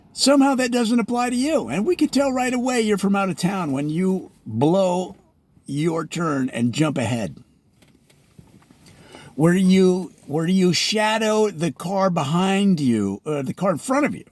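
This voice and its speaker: A man with a high voice, lecturing his listeners in a comedic parody rant. He sounds preachy and mock-exasperated, and every so often he rises into full shouts. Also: dry recording. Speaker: comedic presenter.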